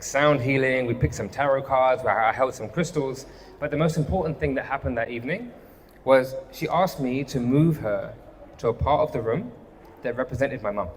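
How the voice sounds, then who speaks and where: A man, a men's coach, telling a personal story on stage in an earnest, confessional way, often restarting his sentences. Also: medium pitch. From London, England. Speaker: men's coach and motivational speaker. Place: live event venue. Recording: hall reverb, faint background noise.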